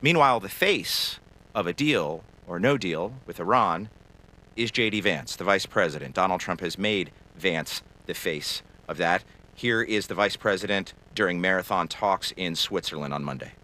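A man moderates a political news panel in a crisp, scripted broadcast manner. His voice sits low and deep, with a bright, forceful edge. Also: moderate pace. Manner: crisp, scripted delivery that hands questions to panelists. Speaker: news show host.

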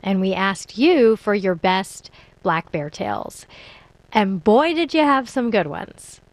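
A woman's voice: mid-range voice, expressive, slow pace, dry recording. Lady radio host, clean close studio sound, reads her links. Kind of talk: scripted radio hosting.

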